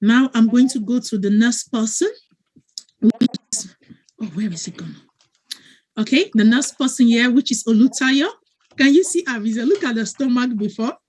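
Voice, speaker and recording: A woman's voice: on the high side, unhurried, a little mellow. A woman, a wellness coach giving an earnest, emotional testimonial on a video call and often checking that listeners follow.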